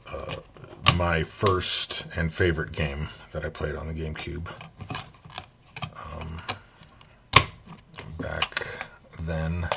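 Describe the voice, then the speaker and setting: A man talking through his video game collection in a relaxed, soft-spoken way, thinking aloud as he goes, at home. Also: rumbling low, creaky, noisy background.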